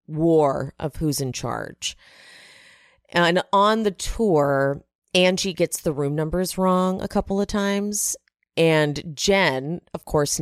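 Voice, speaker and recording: A woman hosting a casual reality TV recap, chatty with animated asides. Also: deep voice, dry recording, clean studio sound. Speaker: recap podcast host.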